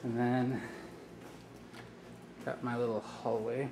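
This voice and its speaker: Young guy, winded from moving, slow offhand walkthrough, noisy camera audio. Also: medium pitch. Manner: relaxed, offhand touring commentary. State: out of breath. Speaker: vlogger giving an apartment tour. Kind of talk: casual walkthrough narration. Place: new apartment, indoors and outside on stairs. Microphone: handheld camera mic.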